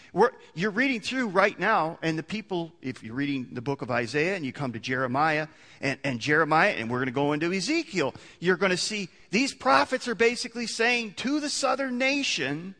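A man in the pulpit, talking his listeners through the point with many restarts and rising emphasis. His voice sits fairly high and sounds bright and forceful. A long reverb from a large hall trails behind every phrase. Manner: conversational, builds to emphatic peaks with many restarts. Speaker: pastor. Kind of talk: sermon.

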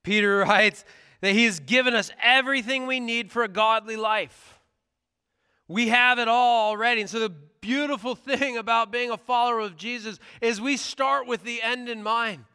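A man's voice: very high voice, steady tone, normal speed, sharp tone, clear, resonant tone, long reverb tail. A man preaching a sermon as pastor, speaking in an earnest, conversational way in a church sanctuary.

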